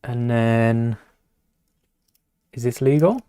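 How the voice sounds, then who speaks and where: A man chats loosely through a live stream while building, trailing off into mutters and then answering viewers. His voice sits at an everyday middle pitch. The sound is dry and close, with no room echo. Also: extremely slow, mellow, smooth. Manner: rambling, chatty, mutters to himself and greets chat.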